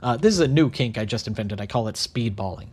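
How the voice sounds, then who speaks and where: A man in his thirties telling a crude comedic story in a deadpan voice, tossing in sarcastic asides. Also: medium pitch, quick pace, slightly rough. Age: 30s. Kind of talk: comedic narrated monologue.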